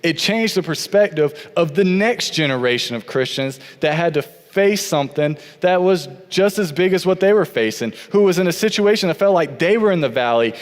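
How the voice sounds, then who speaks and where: A male pastor delivers a sermon in a church sanctuary, building his points through earnest repetition. His voice sits fairly high for a man. The sound carries a long reverb from the church hall around him. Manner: earnest, repetitive preaching cadence.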